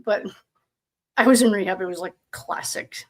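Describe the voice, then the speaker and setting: A woman's voice: medium pitch, normal speed, a little mellow. A young woman hosting a tarot channel, chatting casually with her live viewers in a giggly, self-deprecating way. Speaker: tarot reader and channel host. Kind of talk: casual livestream chat.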